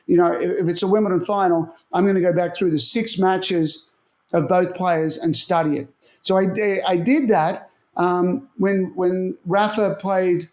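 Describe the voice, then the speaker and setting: An Australian man who coaches tennis strategy tells stories animatedly in a casual interview, often repeating words as he thinks. His voice sits high and sounds a little mellow.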